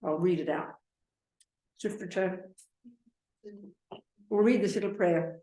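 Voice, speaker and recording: A woman's voice: on the low side, takes it slowly, mellow. A woman Buddhist teacher giving a dharma talk and answering questions, blunt and repetitive, calling listeners darling and sweetheart. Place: meditation center hall. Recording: echoey teaching hall.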